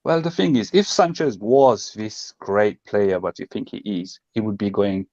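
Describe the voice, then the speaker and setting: A man's voice: lowish voice, sing-song, unhurried, warm tone, no room sound, dull audio. A man co-hosting a football fan show, talking passionately and emphatically in casual chat and acting out what others say. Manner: passionate, emphatic, acts out quotes.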